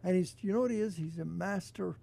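A man hosting a radio show, chatting casually with a co-host and reading an ad, halting with restarts. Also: high voice, creaky, mellow. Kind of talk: casual radio chat and read ad. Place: radio studio.

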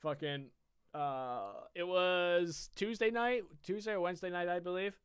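Brief: male podcast co-host with a smooth, clear tone, casually swearing through work stories. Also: sits high, measured pace, dry recording, studio quality. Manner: rambling storyteller, swears a lot.

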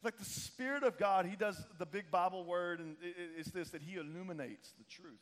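A man preaching a lively sermon, casual and joking, calling on the crowd to answer back. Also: high voice, brisk. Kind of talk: lively sermon with call-and-response. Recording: long reverb of a large hall.

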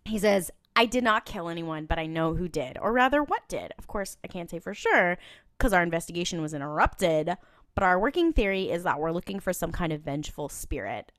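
A woman co-hosting a podcast recaps a TV episode in casual chat, laughing often and quoting characters in lively, animated bursts. Her voice is medium-pitched, recorded at studio quality with no room sound.

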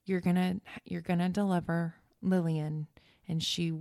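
A woman telling a painful personal story in a halting, emotional way as a podcast guest. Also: fairly low pitch, flat delivery, gravelly, darkish tone, no room sound, clean studio sound. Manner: halting, emotional, reliving the moment. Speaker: guest sharing her story.

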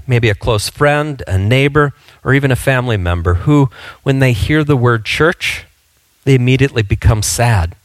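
A man's voice: medium pitch, no echo. A male pastor preaching a sermon in a conversational, storytelling way, with frequent fillers and restarts.

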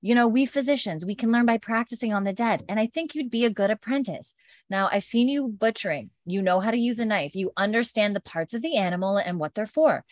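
A woman voicing a calm, determined woman physician who explains patiently and persuasively. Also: mid-range voice, a little fast, dry recording, studio quality, pitched above the performer's own voice, close to an everyday voice.

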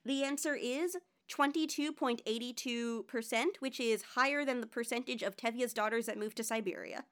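A woman's voice: fairly high pitch, normal speed, hardly any pauses, a bit bright. A woman hosting a podcast, chatting enthusiastically about a musical with a guest. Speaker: podcast host. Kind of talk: casual chat about musicals.

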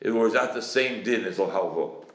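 A man's voice: lowish voice, fairly quick. A man in his forties teaching a Talmud class, acting out creditor and debtor exchanges. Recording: echoey room.

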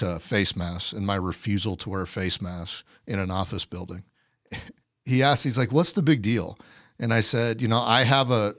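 A man's voice: fairly low pitch, a bit bright, no room sound, studio quality. A man co-hosting a podcast, talking in a blunt, profane, ranting way. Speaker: podcast co-host. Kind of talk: casual podcast chat.

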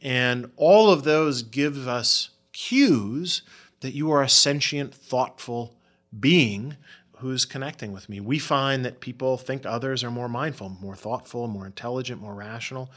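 A man being interviewed as a researcher, explaining his findings in an animated way and often restarting words. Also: medium pitch, a little slow. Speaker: guest researcher. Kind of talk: interview answers.

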